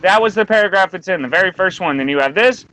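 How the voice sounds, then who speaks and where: A man's voice: high voice, expressive, quick pace, sharp tone, rough recording. An angry man ranting and swearing heavily as a co-host in a round table discussion. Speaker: podcast co-host.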